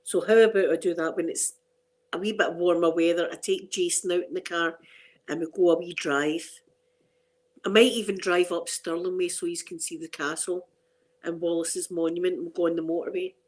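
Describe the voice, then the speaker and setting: A woman's voice: lowish voice, steady tone, normal speed. A middle-aged Scottish woman hosting an ASMR channel, chatting casually and rambling to her viewers. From Scotland. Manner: chatty and rambling, with frequent restarts and laughter.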